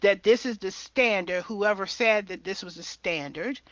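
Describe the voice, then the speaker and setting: A woman's voice: mid-range voice, moderate pace, no room sound. A woman hosting a podcast who talks with fervent, preachy conviction and often repeats her words. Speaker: podcast host. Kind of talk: impassioned podcast conversation. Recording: dull muffled audio.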